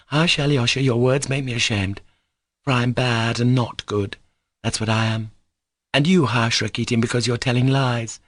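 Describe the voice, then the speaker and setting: A man's voice: medium pitch, no echo, clean studio sound, voice pushed up, natural voice. A man reading an audiobook voices an emotional young woman, speaking in a heated, pleading way.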